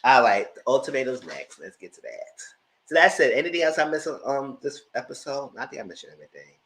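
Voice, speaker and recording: A man's voice: medium pitch, very animated, fast, fairly bright tone. A man giving a casual, slangy, gossipy live recap of reality TV shows. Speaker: online TV reviewer.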